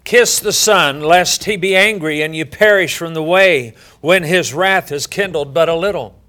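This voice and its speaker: Male pastor, middle-aged, sermon, folksy storyteller, halting fillers, bright tone. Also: fairly high pitch.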